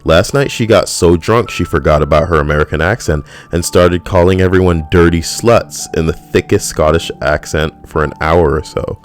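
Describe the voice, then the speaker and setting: A man hosting a comedy video, reading out a funny list and making sarcastic, quick asides. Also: low voice, soft background music. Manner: sarcastic, quick asides, laughs at own jokes.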